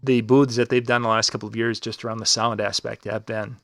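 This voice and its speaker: A man's voice: fairly low pitch, little pitch movement, a little fast, fairly bright tone, dry recording, clean studio sound. A man co-hosting a casual live web show, talking in a loose, rambling way with frequent restarts as he promotes a contest. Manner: rambling, restarts and fillers, upbeat promo talk. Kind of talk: casual live-stream chat.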